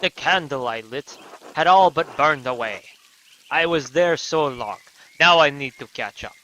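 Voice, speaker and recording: Man putting on a German accent, worried pious young husband, earnest, bright. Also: a little high, expressive, unhurried, low-quality recording.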